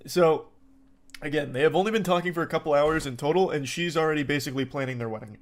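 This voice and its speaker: A man's voice: fairly high pitch, fast talker. A man commentating on online posts, mocking them in a dry, incredulous way. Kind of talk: sarcastic reaction commentary.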